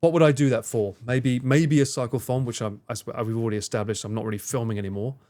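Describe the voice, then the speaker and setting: Chatty male livestreamer, mid-pitched. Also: fairly even intonation, fast talker, dark tone. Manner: chatty, rambling, swears casually, answers viewers by name. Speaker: livestreamer reading and answering chat. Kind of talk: casual live-stream chat.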